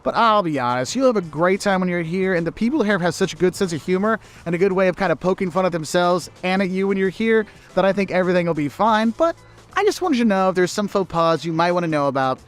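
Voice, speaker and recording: A man from the United States giving casual travel advice to camera outdoors in a city, chatty, often repeating words and slipping into quick mimicked asides. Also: high-pitched, lively intonation. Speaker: travel vlogger.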